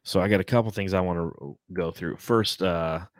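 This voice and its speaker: A man's voice: deep voice, steady tone, moderate pace, no echo, studio quality. A man co-hosting a podcast, telling rambling, profane stories in casual chat over a remote call. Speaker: podcast co-host.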